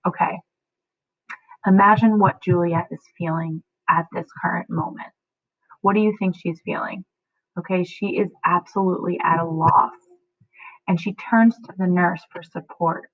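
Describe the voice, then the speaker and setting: A woman's voice: lowish voice, fairly even intonation, normal speed, no echo. A woman teacher reading a play aloud and explaining it to students, checking in often. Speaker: English teacher. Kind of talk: read-aloud lesson. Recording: tinny phone-like audio.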